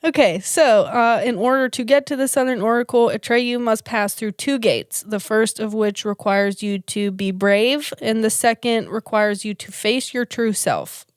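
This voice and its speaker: A woman's voice: fairly high pitch, normal speed, hardly any pauses, smooth, no room sound, studio quality. A woman co-hosting a podcast, chatting casually and retelling a film plot with lots of laughter. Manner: giggly, animated storyteller who laughs often. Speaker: podcast co-host.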